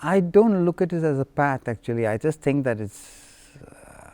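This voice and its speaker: A man from India telling personal stories in an animated, playful way. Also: a little high, normal speed, clear, resonant tone, dry recording. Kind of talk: personal storytelling.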